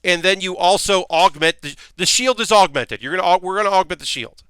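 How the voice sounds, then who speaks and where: A man streaming a model kit build rambles to his viewers in an irritated, chatty way, full of fillers and restarts. His voice is bright and clear, a touch high, and the close mic keeps it dry with no room sound. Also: brisk, no echo. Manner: ranting, annoyed, rambling with many fillers. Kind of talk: casual live-stream chat.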